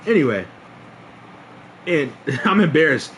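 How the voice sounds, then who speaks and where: A man's voice: sits high, fairly bright tone, a little hiss or hum. A young man streaming a casual storytime, laughing often and restarting his sentences in slangy talk.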